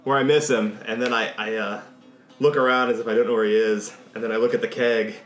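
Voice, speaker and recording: A man's voice: fairly low pitch, fairly even intonation, fairly bright tone. A man playing a tabletop game, describing his moves in a playful way and laughing easily. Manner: playful, quick to laugh, describes actions eagerly. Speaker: player. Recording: roomy echo, faint music behind.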